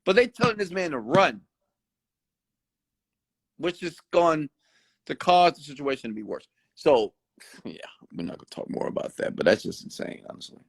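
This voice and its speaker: A man delivering a late-night motivational rant, preachy and repetitive, now and then jumping high to mimic other people. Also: normal speed, gravelly, long pauses, slightly rough, no room sound. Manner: animated, mimics other people with sudden high-pitched outbursts; preachy, repeats phrases for emphasis. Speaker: motivational host. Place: Houston.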